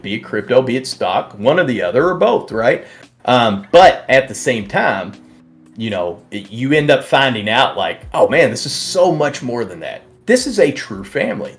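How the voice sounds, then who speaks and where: A man hosting a trading livestream, chatting casually and reading viewer comments aloud with lots of restarts. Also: medium pitch. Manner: warm, rambling, reads chat aloud, many restarts. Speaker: livestream host.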